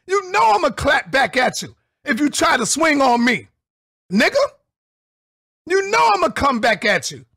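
High-voiced man ranting angrily. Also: wildly swooping pitch, measured pace, breathy edge, dry recording, clean studio sound. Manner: confrontational, profane, shouting bursts. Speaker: vlogger. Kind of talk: angry call-out rant.

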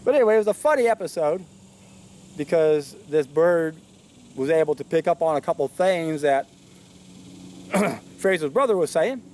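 Brief: man with a high voice, indignant and emphatic, solo monologue to camera. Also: lively intonation, normal speed, pauses often, darkish tone. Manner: indignant, emphatic, repeats key phrases. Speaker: video commentator.

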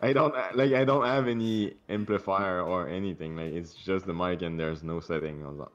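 Deep-voiced dude running a tabletop game, hesitant, muffled lo-fi mic. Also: male voice, moderate pace. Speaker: dungeon master. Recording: dull lo-fi mic, faint music.

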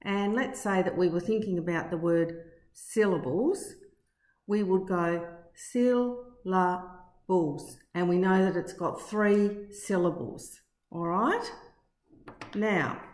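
A middle-aged woman teacher giving a recorded spelling lesson to her pupils, slow and deliberate, stretching words out to show their syllables. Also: fairly low pitch, fairly even intonation, a little mellow. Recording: echoey room.

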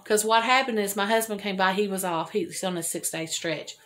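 An older woman talks straight to her viewers in a loose, homey storytelling way. She rambles, loses her thread and laughs at her own jokes. Her voice sits at an ordinary middle pitch. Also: steady tone, fairly quick, a bit bright. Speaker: homesteading vlogger.

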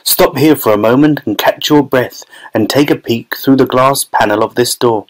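A man voicing an eccentric, brisk male chocolate maker who talks quickly and with gleeful rudeness in an audiobook. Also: medium pitch, natural voice, rough recording. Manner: quick, bossy, gleefully rude.

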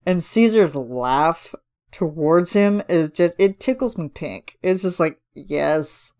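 A woman's voice: low-pitched, lively intonation, takes it slowly, a little mellow. A woman hosting a casual solo podcast, chatting enthusiastically with lots of fillers and now and then singing lines of lyrics. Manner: chatty, gushing, filler-heavy, sings snippets of lyrics. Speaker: podcast host reviewing a cover song. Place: home room.

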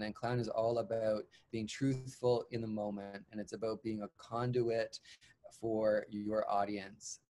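A man's voice: on the low side, warm tone. A man from Canada, a drag clown performer, telling his own story in an interview in an earnest, reflective way with emphatic repeated phrasing. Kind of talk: candid personal storytelling.

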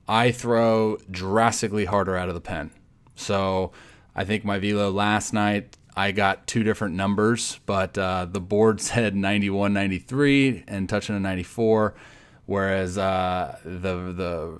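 Young male pitcher, deep clear voice, easygoing and rambling commentary over his own footage. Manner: laid-back, rambling, full of "like" and "you know". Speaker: pro baseball pitcher. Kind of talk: casual breakdown of game footage.

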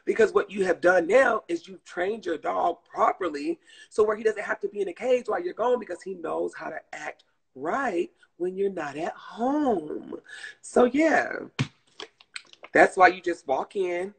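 A woman chatting casually on her live stream, animated and swearing freely, calling her viewers "girl". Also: on the low side, a little slow, husky, poor audio.

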